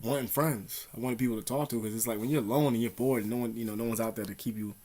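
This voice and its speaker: A man's voice: medium pitch, fairly even intonation, fast, mellow. A man vlogging casual advice, rambling in profane street slang with many fillers.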